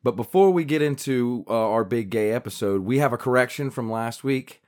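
A man's voice: mid-range voice, fairly quick, a little mellow. A man from the States, co-hosting a podcast in rambling, self-deprecating casual chat. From Southern United States. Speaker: podcast co-host.

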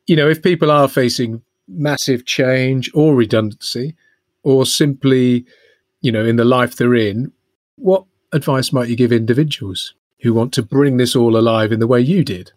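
A man's voice: medium pitch, moderate pace, darkish tone, dry recording, studio quality. A man co-hosting a podcast, asking long, rambling questions with fillers in a friendly way. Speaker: podcast co-host. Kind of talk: casual podcast interview.

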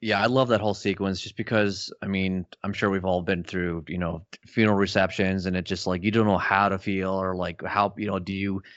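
A man with a lowish voice rambles happily about a film on a podcast, with lots of fillers and restarts. The sound is dry and close, with dull lo-fi audio. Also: flat delivery, brisk, few pauses, a bit bright, no echo. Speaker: podcast co-host. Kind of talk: casual film discussion.

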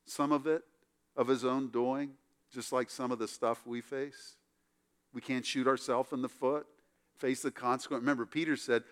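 A man's voice: mid-range voice, fairly even intonation, moderate pace, clean tone. A man preaching a sermon as the pastor, telling the story with acted-out quotes and wry asides.

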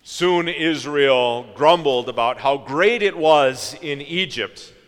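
Man preaching, slightly high voice, very slow and reflective, rhetorical questions, long hall reverb. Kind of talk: sermon.

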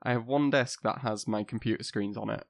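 A man's voice: on the low side, steady tone, a little fast, creaky, dry recording, clean studio sound. A young man, a university student, talking earnestly and repeating words as he thinks. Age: young adult. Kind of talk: casual podcast chat.

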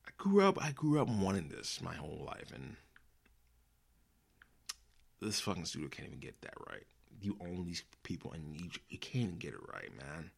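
A man's voice: deep voice, very animated, normal speed, gravelly, breathy edge. A man hosting a casual commentary show, ranting angrily with lots of swearing, slang and restarts. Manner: angry, profane, rambling with restarts and slang. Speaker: podcast host.

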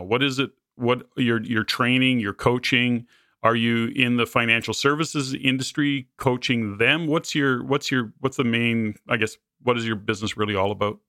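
A man's voice: medium pitch, pushed and bright, no room sound. A man hosting a podcast, asking a guest rambling questions and restarting them as he goes. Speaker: podcast host. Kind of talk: interview questions.

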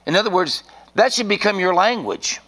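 A man's voice: high voice, lively intonation, normal speed, fairly bright tone. A man preaching an informal sermon in a rambling, folksy way, often restarting his sentences.

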